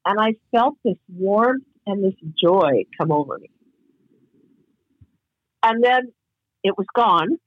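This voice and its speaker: A woman's voice: medium pitch, animated, slow pace, pauses often, no echo, phone-quality sound. A woman guest telling a reflective personal story in casual podcast talk, heard over a call. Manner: earnest, reflective, spiritual storyteller.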